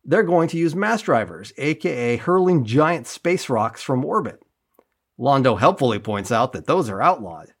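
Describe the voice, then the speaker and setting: A man co-hosting a podcast, recapping an episode in a casual, wry and sarcastic way, swearing now and then. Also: medium pitch. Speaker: podcast co-host.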